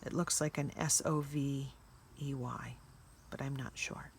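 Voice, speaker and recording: A woman's voice: rumbling low, fairly even intonation, unhurried, creaky, slight background noise. A woman hosting a casual vlog who chats and reads old handwritten letters aloud, stopping to puzzle over words. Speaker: vlog host.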